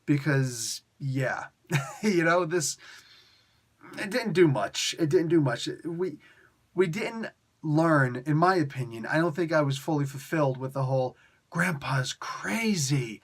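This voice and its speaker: A man's voice: a little high, a little slow. A man giving a casual spoken comic book review, ranting and sarcastic, exasperated with the story.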